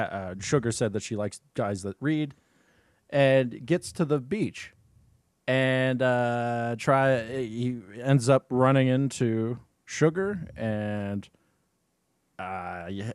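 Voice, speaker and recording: A man's voice: medium pitch, dry recording, studio quality. A man co-hosting a film podcast, retelling a plot casually with lots of swearing and laughter. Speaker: podcast co-host.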